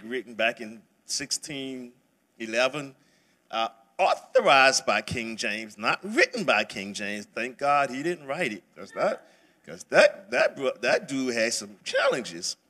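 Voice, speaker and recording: In a church sanctuary, a man teaches a Bible study lesson casually and conversationally, full of fillers and restarts. His voice is medium-pitched, pushed, and bright.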